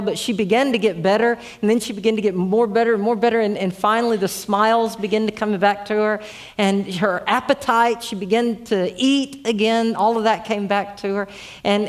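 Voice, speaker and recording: A woman preaching a narrative sermon, earnest and full of repeated restarts. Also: medium pitch. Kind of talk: storytelling sermon.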